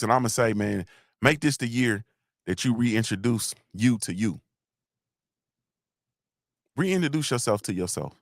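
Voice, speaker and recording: A man's voice: a little high, no room sound, clean studio sound. Joking, preachy man hosting a livestream. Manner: loose, joking, preachy, shouts out viewers. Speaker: livestream host. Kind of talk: casual motivational livestream talk.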